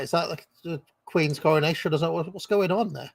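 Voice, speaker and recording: A man in casual online discussion, reviewing a documentary and excitedly firing off questions. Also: a little high, fairly quick, creaky, no echo, clean studio sound, soft background music. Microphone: remote call setup.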